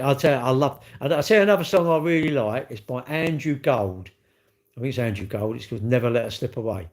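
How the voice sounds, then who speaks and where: A man's voice: mid-range voice, darkish tone. A man hosting a live stream, chatting and joking with viewers in cheeky banter that jumps from topic to topic.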